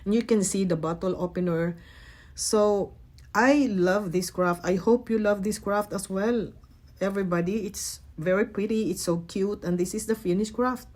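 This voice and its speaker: A middle-aged woman narrating a casual craft tutorial in a chatty, gentle way, with frequent fillers and self-corrections. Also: mid-range voice, normal speed. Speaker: craft vlogger.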